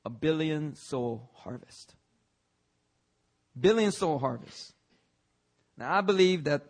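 A man's voice: fairly high pitch, slightly rough. A young man preaching a fervent church sermon, often breaking in with "hallelujah" in a sanctuary.

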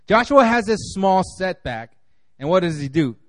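A man's voice: sits high, sing-song, normal speed, a bit bright, no echo. A man preaching a conversational sermon, restarting often and filling with "you know.". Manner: conversational, many fillers and restarts. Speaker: pastor.

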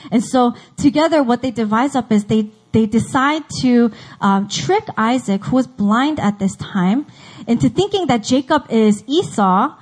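A woman's voice: on the high side, a little mellow, rough recording. Chatty woman retelling a Bible story. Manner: chatty, acts out characters' lines. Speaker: Bible teacher. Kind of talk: casual Bible story lesson.

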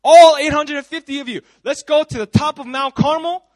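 A man's voice: extremely high pitch, fairly quick, sharp tone, dry recording, in a large hall, voice pushed up. A man preaching a sermon, acting out a bold, fearless male prophet who taunts his rivals. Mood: defiant. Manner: brash and taunting.

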